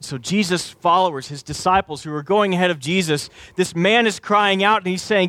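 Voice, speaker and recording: A man's voice: high voice, fairly quick, hardly any pauses, pushed and bright, no echo. A man preaching a sermon as a pastor, talking conversationally and acting out quoted voices.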